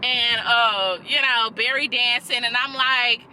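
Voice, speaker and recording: A woman's voice: a little high, fairly even intonation, unhurried, bright, forceful tone, a little hiss or hum. A young woman hosting a reaction video, talking in a sassy, profane, laughing way. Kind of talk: casual reaction chat.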